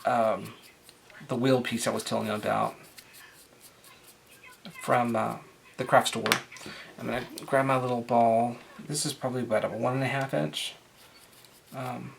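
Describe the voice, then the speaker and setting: A man's voice: medium pitch, gravelly, noisy background. A man talking casually through a craft tutorial, rambling with lots of fillers and restarts.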